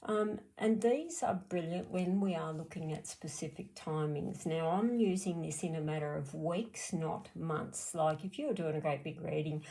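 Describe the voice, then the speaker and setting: A woman's voice: low-pitched, normal speed, creaky, few pauses, mellow, rough recording. A middle-aged Australian woman giving a chatty, blunt card reading on a live stream, answering viewers by name. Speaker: card reader.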